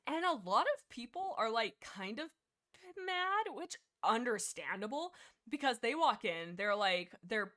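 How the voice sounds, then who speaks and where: A woman hosting a livestream, chatting casually in a rambling, excitable way with lots of restarts. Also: on the high side, a little slow. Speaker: livestream host.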